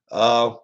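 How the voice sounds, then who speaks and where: A vlogger chats casually with his viewers, rambling along with plenty of fillers and restarts. The recording has a dull, lo-fi sound.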